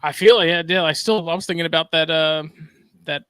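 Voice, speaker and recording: A man's voice: a little high, a little fast, fairly bright tone, smooth, no room sound. A man co-hosting a casual podcast, talking in a laid-back, drawling way and reading news items aloud. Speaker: podcast co-host.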